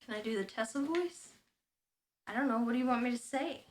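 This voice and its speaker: A woman's voice: on the high side, brisk, slight background noise. A woman in her twenties from the United States, chatting casually as a streamer while she works at home, thinking aloud with lots of fillers. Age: 20s. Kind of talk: casual explaining while working.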